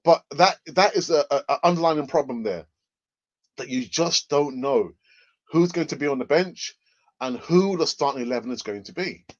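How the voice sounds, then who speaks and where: A man's voice: on the high side, expressive, moderate pace, no room sound, lo-fi sound. A man hosting a live fan stream, reading viewer comments aloud in a rambling, hesitant way with frequent restarts and chuckles. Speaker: fan channel host.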